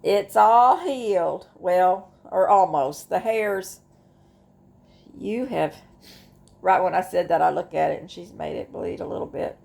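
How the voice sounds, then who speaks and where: A middle-aged woman with a drawl talks to the camera in a personal vlog. Her voice has a gravelly fry, and she speaks slowly. She rambles, doubling back and restarting her sentences as she goes. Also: fairly low pitch, darkish tone. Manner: rambling, with many restarts and asides. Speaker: vlogger. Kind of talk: casual talk to camera about grief.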